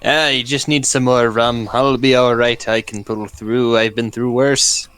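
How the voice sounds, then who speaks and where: A man voicing a battered, rum-loving sea captain who talks gruffly and slowly. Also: medium pitch, little pitch movement, a bit bright, natural voice.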